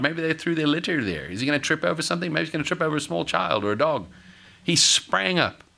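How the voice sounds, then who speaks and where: A middle-aged male pastor preaching a sermon, acting out quoted voices and building to loud, forceful peaks. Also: mid-range voice, creaky. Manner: dramatic, acts out quoted voices, rises to shouting peaks.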